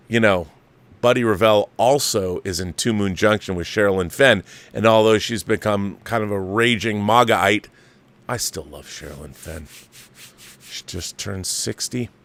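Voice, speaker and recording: Man, host, reads viewer letters with chatty asides, lowish voice, dry close sound. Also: fairly bright tone, clean tone, no room sound. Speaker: host reading viewer mail. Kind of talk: casual chat.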